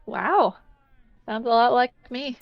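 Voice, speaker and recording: A woman's voice: fairly high pitch, slow pace, creaky, dry recording. Woman player on a dull, dry mic. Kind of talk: casual chat in a tabletop game.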